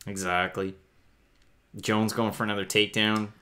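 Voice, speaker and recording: A man with a low voice calls the action as co-host of a live fight watch-along. He gives steady play-by-play and turns often to the viewers at home. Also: moderate pace.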